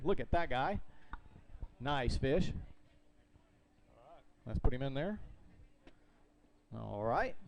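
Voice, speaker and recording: A man's voice: a little high, a little mellow, rough recording. A man emceeing a live fishing tournament weigh-in outdoors, upbeat and promotional as he reads out weights. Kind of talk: live event hosting.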